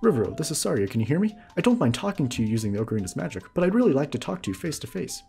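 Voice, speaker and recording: A man voicing a gentle, friendly young girl of the forest, reading her lines sweetly and earnestly. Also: a little high, big pitch swings, racing, vocal fry, slightly rough, faint music behind, pitched above the performer's own voice, heavily acted.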